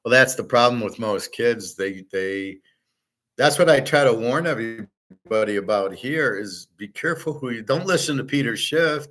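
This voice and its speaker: A man's voice: mid-range voice, moderate pace, fairly bright tone. A middle-aged man hosting a show, talking in a blunt, rambling, casual way and swearing now and then. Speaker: show host.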